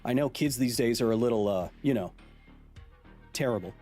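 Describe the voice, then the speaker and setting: A man's voice: mid-range voice, normal speed, warm tone, faint music behind. A man in his thirties hosting a live stream, chatting casually and jokingly and reading out viewer comments. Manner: playful, joking, reads chat aloud. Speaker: host.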